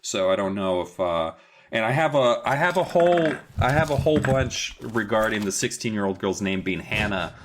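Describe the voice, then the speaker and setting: Low-voiced man making wry asides. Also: animated, moderate pace, background noise. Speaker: podcast guest. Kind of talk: casual comedic chat.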